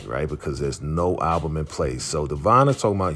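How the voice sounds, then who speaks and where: A man's voice: very deep voice, animated, a little fast, few pauses, fairly bright tone, faint music behind. A man casually recapping a TV episode in slangy storytelling, acting out the characters' lines. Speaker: YouTube show recapper.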